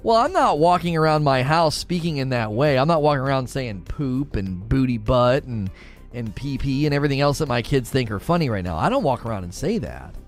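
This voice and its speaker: A man's voice: medium pitch, expressive, a little fast, soft background music. A man in his thirties, a father, giving blunt opinions in casual chat while answering questions, often restarting his sentences.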